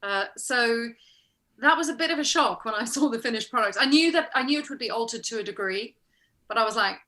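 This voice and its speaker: Bright-voiced chatty actress. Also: female voice, a little high, lively intonation, fairly quick. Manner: chatty, acts out quoted exchanges, laughs often. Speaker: guest actress. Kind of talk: casual interview storytelling.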